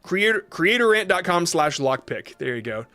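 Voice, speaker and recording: A man's voice: sits high, very animated, normal speed, sharp tone. A man hosting a casual livestream, reading chat questions aloud and answering off the cuff with many fillers and restarts. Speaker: livestream host reviewing shorts.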